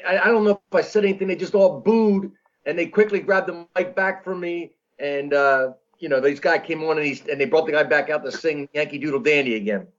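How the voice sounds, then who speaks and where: Guest comic in his sixties, a bit high, rambling restarts, dull lo-fi sound. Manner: rambling, halting with many restarts. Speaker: comedian guest. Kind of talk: casual storytelling interview. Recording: dull lo-fi audio.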